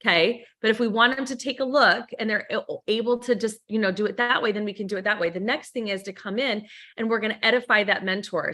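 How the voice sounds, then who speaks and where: A woman's voice: on the high side, pushed and bright. A woman leading a sales training over a video call, upbeat and coaching, often acting out sample phone calls. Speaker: team leader and trainer.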